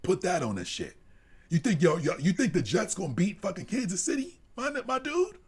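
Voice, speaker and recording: A man co-hosting a live sports podcast, delivering a heated, profane rant that drops to low mutters and climbs to shouts. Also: sing-song, moderate pace, breathy edge. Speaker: podcast co-host.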